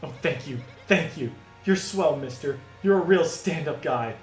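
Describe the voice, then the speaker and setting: A man's voice: a little high, animated, measured pace. A man voicing a loyal young male Pianta henchman with earnest, tough-guy gangster talk. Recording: echoey room, music behind.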